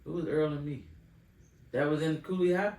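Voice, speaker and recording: A man co-hosting a casual podcast chat who tells stories in a loud, animated way and laughs often. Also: on the high side, moderate pace. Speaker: podcast co-host. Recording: roomy, distant mic, faint noise.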